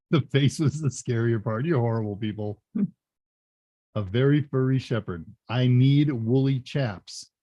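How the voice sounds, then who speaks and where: A man hosting a live Q&A stream, chatting casually and joking as he reads messages and thinks out loud. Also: mid-range voice, takes it slowly, no echo, muffled recording. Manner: chatty, jokey, thinks aloud. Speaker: live Q&A host.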